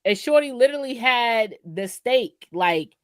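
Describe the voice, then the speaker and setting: Animated, expressive woman on a dry mic. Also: a little high, unhurried, no room sound. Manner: animated, profane storytelling with laughs. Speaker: podcast co-host. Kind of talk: casual chat.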